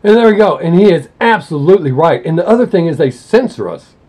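A man in casual, opinionated talk to camera, blunt and rambling, often stopping to correct himself. His voice is mellow and a little husky. His pitch rises and falls a great deal as he goes. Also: lively intonation, quick pace. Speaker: music reaction channel host.

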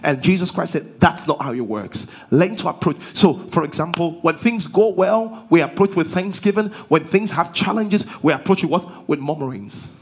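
A man's voice: a little high, expressive, normal speed, few pauses, breathy edge. A man preaching a sermon as pastor. He drives his points home with rhetorical questions and call-and-response.

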